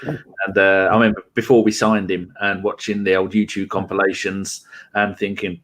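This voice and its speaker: A man hosting a football podcast, reading out listener comments in a relaxed, hesitant way. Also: low-pitched, moderate pace. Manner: relaxed, chuckling, hesitant fillers. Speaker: podcast host.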